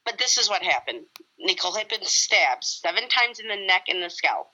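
Bright-voiced woman discussing a crime bluntly. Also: mid-range voice, big pitch swings, normal speed, highs cut off. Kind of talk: casual true-crime chat.

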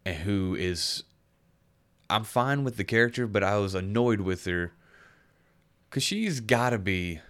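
A man's voice: on the low side, lively intonation, a little slow, long pauses, fairly bright tone, smooth. A man chatting casually as a podcast co-host, rambling and searching for words with frequent restarts. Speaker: podcast co-host reviewing a game. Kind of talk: casual chat.

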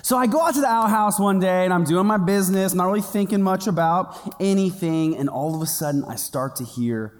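A man's voice: sits high, a little fast, few pauses, in a large hall. A man preaching a sermon as a pastor, telling a funny personal story and acting out the voices in it. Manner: humorous storytelling with quoted voices. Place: church auditorium.

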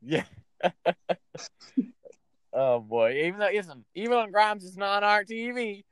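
A man co-hosting a casual wrestling podcast, speaking haltingly and laughing now and then. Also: sits high, animated, fairly bright tone, clear, resonant tone, no room sound. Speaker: podcast co-host. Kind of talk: casual chat about wrestling.

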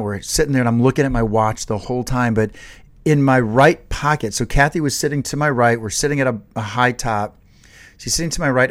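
A man in his fifties co-hosting a casual podcast, telling an animated story and laughing often. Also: mid-range voice. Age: 50s. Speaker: podcast co-host. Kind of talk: casual chat.

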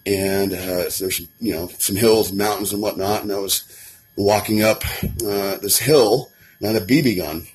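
A man's voice: on the low side, normal speed, slightly rough. A man from Colorado telling an earnest, emotional story of his addiction recovery, swearing often and restarting his sentences. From Colorado, USA.

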